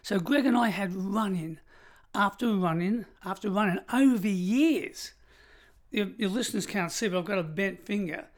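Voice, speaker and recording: A man's voice: sits high, normal speed. Australian man, sixties, seasoned ex-prison officer guest, vivid emphatic storyteller. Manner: vivid, emphatic storyteller who piles up short phrases. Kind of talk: storytelling in an interview.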